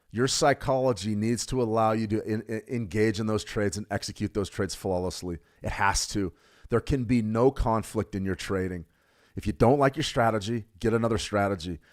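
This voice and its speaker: A middle-aged man coaching traders in a live workshop, blunt and emphatic, repeating points for stress. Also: fairly low pitch. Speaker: trading coach.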